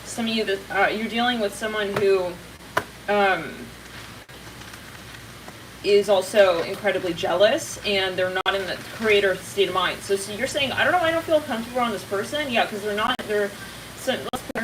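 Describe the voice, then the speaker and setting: A woman's voice: medium pitch, distant mic. A woman talking her way through a tarot reading for her viewers, rambling and cutting herself off, then blunt and swearing. Her voice sits a little back from the mic. A faint hiss hangs under it. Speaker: tarot reader. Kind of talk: casual psychic tarot reading to camera.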